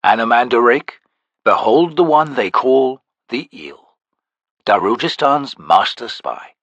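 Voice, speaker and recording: A man's voice: medium pitch, lively intonation, takes it slowly, a bit bright, no echo, heavily acted. A male narrator voicing a polite male alchemist who speaks with careful courtesy in an audiobook. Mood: courteous. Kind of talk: audiobook character voice.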